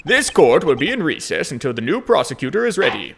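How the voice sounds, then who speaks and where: A man voicing a judge in a courtroom game, making formal announcements in a gravelly voice. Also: on the high side, big pitch swings, a little fast, a bit bright, slight background noise, full character voice. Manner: formal, official.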